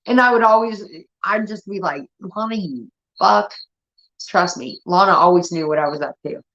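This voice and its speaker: A woman's voice: lowish voice, brisk. Profane woman telling family stories. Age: 30s. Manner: profane, animated, acts out family members. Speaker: streamer. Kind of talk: casual storytelling. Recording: dull lo-fi audio.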